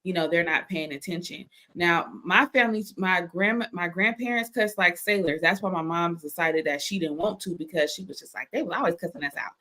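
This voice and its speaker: A woman's voice: lowish voice, normal speed, hardly any pauses. A woman co-hosting a casual chat, talking easily about her household and kids. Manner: relaxed, conversational, talks about her household. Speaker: co-host.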